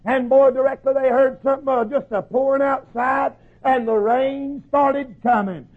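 A man preaching a sermon in a folksy storytelling way, acting out voices and shouting at the peaks. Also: very high-pitched, steady tone, normal speed, breathy edge. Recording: tinny phone-like lo-fi recording.

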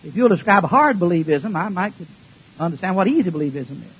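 An older man preaching a folksy, joking sermon, swinging between loud outbursts and low mutters. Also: animated, brisk, breathy edge, dull audio.

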